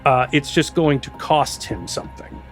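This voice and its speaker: A man running a tabletop game as game master, explaining rules in a relaxed way and laughing often. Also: a little high, normal speed, faint music behind.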